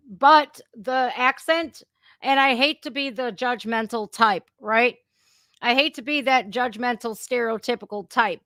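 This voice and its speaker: A woman's voice: on the high side, a little slow, bright, forceful tone, no echo, studio quality. A woman hosting an impromptu live stream, talking straight to her viewers in an indignant, chatty way. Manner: indignant, conversational, addresses viewers directly. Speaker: reaction channel host.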